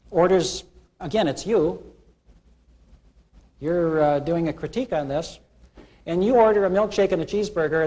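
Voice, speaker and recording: Middle-aged man, college lecturer, slightly high voice, lively anecdotal delivery, 1980s classroom tape. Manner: animated storytelling, acting out quoted characters. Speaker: college instructor. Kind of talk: classroom lecture with humorous analogies. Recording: 1980s classroom video recording.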